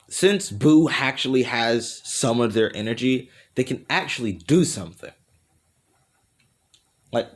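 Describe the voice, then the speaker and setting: A man casually improvising a fan story aloud, rambling and self-correcting as he goes and laughing at his own voices. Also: medium pitch.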